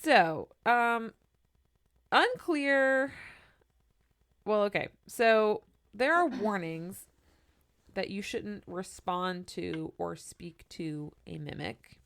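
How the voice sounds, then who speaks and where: A young woman co-host in relaxed podcast conversation, her pitch sitting in an ordinary middle range. She fills the talk with quick agreements and laughter, and now and then winds up into an exasperated rant. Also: creaky. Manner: frequent short backchannels and laughs, exasperated rants. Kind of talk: casual chat.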